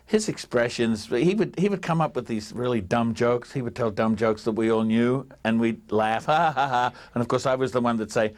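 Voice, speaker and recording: An older man, answering interview questions with animated stories, laughing and acting out the voices of people he quotes. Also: mid-range voice, normal speed, hardly any pauses. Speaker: interviewee, writer on a TV special. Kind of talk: anecdotal interview storytelling.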